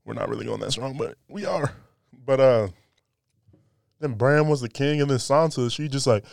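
A man's voice: mid-range voice, very animated, a little slow, gravelly, darkish tone, clean tone, no echo, studio quality. A man hosting a casual solo podcast indoors, talking in a loose, joking, profane and rambling way. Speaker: podcast host. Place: indoors by a window. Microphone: podcast mic.

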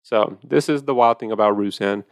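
In studio-quality audio with no echo, a podcast host with a lowish voice speaks at a normal pace. He chats casually and animatedly about wine, telling stories full of profanity.

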